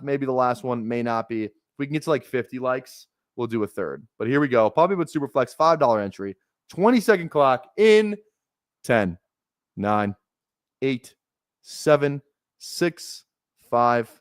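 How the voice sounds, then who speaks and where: A young man hosting a casual live stream, talking fast in rambling bursts with restarts and plenty of swearing. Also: mid-range voice, smooth, no echo, clean studio sound. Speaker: fantasy football streamer.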